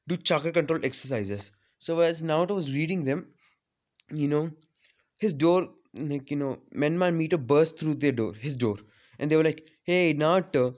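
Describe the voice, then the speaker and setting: A man's voice: fairly high pitch, darkish tone. A man casually retelling a fan story, rambling with many fillers. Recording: slightly dull lo-fi audio.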